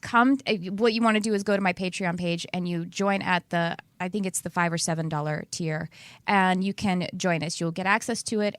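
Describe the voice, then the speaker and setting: A woman with a medium-pitched voice, recorded dry, hosts a spiritual podcast. She's casual and chatty, rambling along and frequently laughing at herself.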